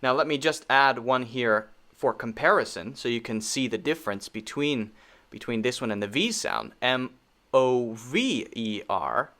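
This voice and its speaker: Here a male pronunciation teacher talks at normal speed with a medium-pitched voice that sounds pushed and bright. He works through the sounds patiently, saying them over and over as demonstration.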